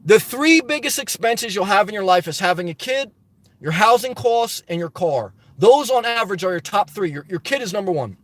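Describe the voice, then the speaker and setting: A man's voice: high-pitched, expressive, normal speed, fairly bright tone, no echo. A middle-aged man hosting a live stream, reading viewer comments aloud and answering them in passionate, ranting casual talk. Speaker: livestream host. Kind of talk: casual live-chat reply.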